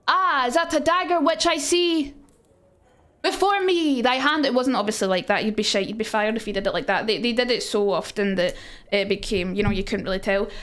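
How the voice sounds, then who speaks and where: A young woman with a Scottish accent talks through Shakespeare for her livestream audience in a loose, rambling way. Her voice sits high, and she breaks off often to answer messages from chat. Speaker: streamer teaching Shakespeare to chat. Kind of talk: casual livestream lesson.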